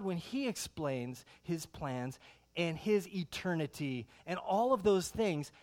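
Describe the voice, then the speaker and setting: Animated middle-aged man preaching. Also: a little high. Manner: animated, conversational, full of rhetorical questions. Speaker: pastor. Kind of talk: sermon.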